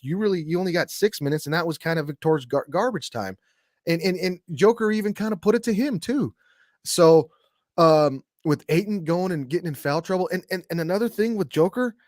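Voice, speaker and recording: A man's voice: on the high side, no room sound, studio quality. A man co-hosting a casual sports podcast, who rambles with many restarts and repeats himself. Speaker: podcast co-host, middle school coach.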